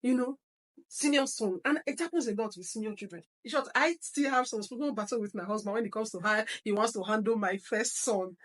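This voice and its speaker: Animated woman coaching parents. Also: a little high, fairly quick. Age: middle-aged. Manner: animated storytelling, repeats key phrases; acts out parents and children in quoted voices. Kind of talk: live online parenting class.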